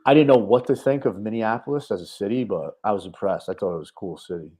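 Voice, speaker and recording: A man's voice: fairly low pitch, fast talker, dark tone, slightly rough. A man with a New York accent, co-hosting a casual podcast chat, swearing freely and leaning on "you know". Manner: laid-back, swearing, lots of "you know". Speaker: podcast co-host.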